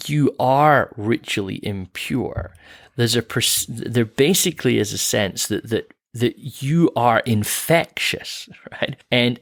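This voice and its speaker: A man's voice: mid-range voice, creaky, no room sound, studio quality. A man co-hosting a Bible podcast, explaining ideas patiently with light chuckles. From Canada. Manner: explanatory, laughs lightly, frequent restarts. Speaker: podcast co-host.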